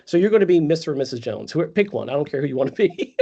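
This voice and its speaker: A man's voice: on the high side, very animated, fast, vocal fry, mellow, breathy edge. A man leading a live virtual sales training, talking conversationally and calling on trainees by name. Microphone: video call. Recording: lo-fi video call audio.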